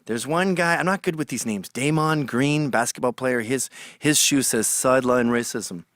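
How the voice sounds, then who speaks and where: A man's voice: medium pitch, moderate pace, a bit bright, no room sound, studio quality. A man hosting a comedic rant commentary in a sarcastic, mocking manner. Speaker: host.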